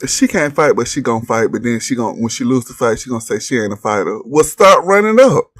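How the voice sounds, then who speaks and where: A man's voice: mid-range voice, fast talker, breathy edge, dry recording, clean studio sound. A man hosting a casual reality TV recap vlog, blunt and profane as he reads viewers' posts and mocks the cast. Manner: brash, blunt, profane trash-talk with laughs.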